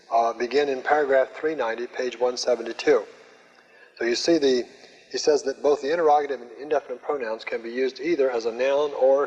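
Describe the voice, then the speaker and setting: An older man teaching a Greek class, speaking slowly and methodically with frequent pauses and fillers. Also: medium pitch, darkish tone, husky. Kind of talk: classroom lecture. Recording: muffled old lecture recording with long hall reverb.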